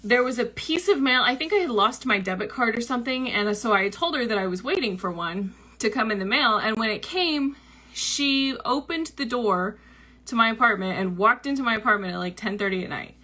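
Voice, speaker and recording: Chatty bright-voiced woman telling a story. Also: fairly high pitch, lively intonation, fairly quick. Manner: chatty, full of likes and ums, acts out quoted lines. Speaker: host of a book club show. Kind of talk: casual personal storytelling.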